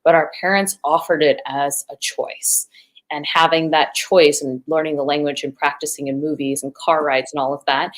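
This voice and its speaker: An American woman speaking as an interview guest from her home over a video call, relaxed and talkative with plenty of fillers. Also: low voice, moderate pace, poor audio. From United States. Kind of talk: casual interview chat.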